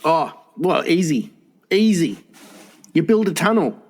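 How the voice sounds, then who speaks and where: A man's voice: a little high, sing-song, measured pace, a little mellow. A man co-hosting a comedy podcast, crude and teasing, laughing often. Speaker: podcast co-host. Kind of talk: casual comedy chat.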